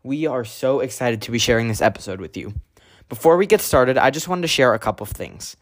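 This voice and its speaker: A man introducing a podcast in a casual, slightly halting way, explaining that the crew is new to it. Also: mid-range voice, animated. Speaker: podcast host.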